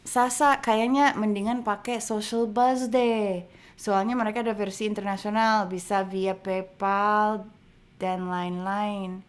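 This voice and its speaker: A woman's voice: mid-range voice, steady tone, unhurried. A woman from Canada hosting a casual live stream, thinking aloud and reading viewer comments. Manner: chatty, thinks aloud with fillers. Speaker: livestream host.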